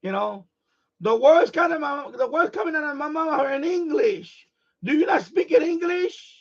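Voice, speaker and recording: Gravelly, blunt middle-aged man ranting. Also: very high-pitched, moderate pace, highs cut off. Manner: blunt, profane, animated storyteller. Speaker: live stream host. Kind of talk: casual ranting chat.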